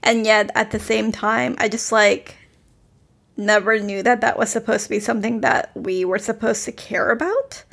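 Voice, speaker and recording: A woman's voice: a little high, creaky, fairly bright tone. A woman co-hosting a podcast, chatting casually about a TV series and filling her talk with "like". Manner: chatty, many "like" fillers, quick laughs. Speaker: podcast co-host. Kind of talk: casual critical chat.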